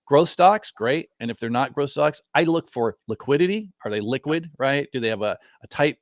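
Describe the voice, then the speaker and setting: A man's voice: medium pitch, lively intonation, normal speed, no echo, clean studio sound. A middle-aged man, a guest trader, talking casually in a reflective, rambling way that corrects itself often. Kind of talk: casual chat.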